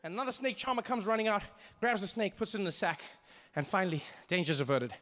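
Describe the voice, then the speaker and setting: High-pitched animated male stand-up storyteller. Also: fast talker, in a large hall. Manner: animated storyteller acting out characters. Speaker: stand-up comedian.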